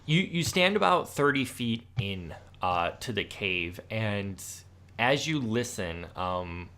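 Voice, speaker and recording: A man running a tabletop role-playing game as game master, narrating in a halting way with many fillers. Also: lowish voice, sing-song, pushed and bright.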